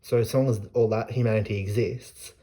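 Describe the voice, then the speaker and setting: A man talks through a classic poem in a loose, casual way, often pausing and restarting as he thinks aloud. His voice sits a little low and sounds mellow and soft-edged. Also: steady tone. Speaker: literature explainer. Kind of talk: casual spoken poetry analysis.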